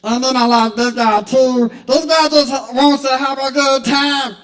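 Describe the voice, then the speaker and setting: High-voiced man at an open mic. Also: steady tone, measured pace, fairly bright tone. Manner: playful, loose, laughing between bits. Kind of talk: live comedic character voices.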